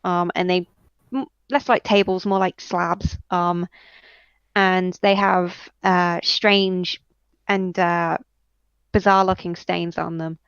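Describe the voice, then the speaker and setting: A woman narrates a tabletop fantasy game as game master, pausing often with ums and uhs. Her voice is smooth and clear at a middle pitch. The recording is dry and somewhat dull, like a home mic. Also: flat delivery, dry recording. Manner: hesitant, many ums and uhs.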